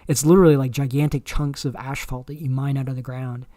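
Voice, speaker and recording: A man hosting a livestream, talking in a rambling, halting way with many fillers and restarts. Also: mid-range voice, steady tone, mellow, no echo. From Canada. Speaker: livestream host. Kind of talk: casual livestream commentary.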